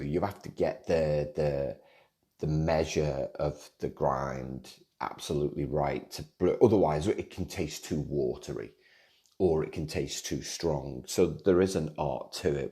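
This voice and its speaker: A podcast host with a deep, rumbling, mellow voice talks casually on his own. He rambles, restarts often, repeats words and cracks self-deprecating jokes.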